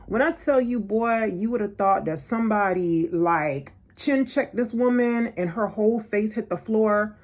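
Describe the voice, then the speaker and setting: A woman vlogger telling a personal story in an animated, indignant way, acting out what people said. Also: medium pitch. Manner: animated, indignant, acts out quotes. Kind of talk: storytelling vlog.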